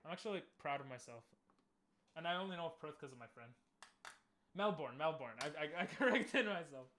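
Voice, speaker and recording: A man's voice: a little high, lively intonation, fairly quick, sharp tone, slight background noise. A man streaming, chatting casually and easygoingly with his viewers, laughing often.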